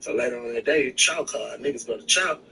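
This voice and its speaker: A man streaming live, telling a story in a casual, animated, slangy way with plenty of swearing. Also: medium pitch, fast, vocal fry, distant mic, a little hiss or hum, low-quality recording. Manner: animated, slangy retelling with profanity. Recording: voice from off the mic with music behind.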